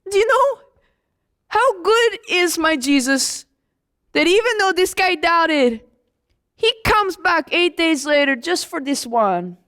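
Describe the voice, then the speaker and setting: Lady doing a young disciple telling it first-person, high voice, lively, keeps calling the audience guys. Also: takes it slowly, exaggerated voice. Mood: excited. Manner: animated, talks straight to the audience. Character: the apostle John, an excited young male disciple. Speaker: storyteller in first-person monologue. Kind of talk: dramatic first-person Bible storytelling.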